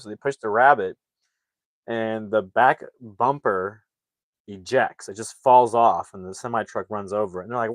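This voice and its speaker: A man with a fairly low voice walks through a film's plot in a loose, rambling way, packing in fillers. The sound is dry and close, with no room behind him. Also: fairly quick, no echo. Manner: rambling, filler-heavy, acts out quotes. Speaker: movie reviewer. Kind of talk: casual plot retelling.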